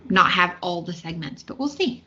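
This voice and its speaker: A woman from the Southern United States, with a Southern American accent, co-hosts a podcast in casual, chatty talk packed with fillers. Her lowish voice is animated, bright and forceful at a normal speed. The recording is slightly dull, lo-fi audio.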